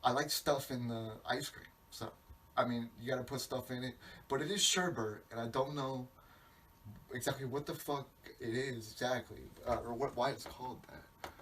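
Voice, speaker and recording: A man's voice: mid-range voice, fairly even intonation, moderate pace, fairly bright tone. Man rambling profanely on a podcast. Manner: profane, meandering, self-interrupting. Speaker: podcast host. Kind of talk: rambling comic monologue. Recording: distant mic, faint background hiss.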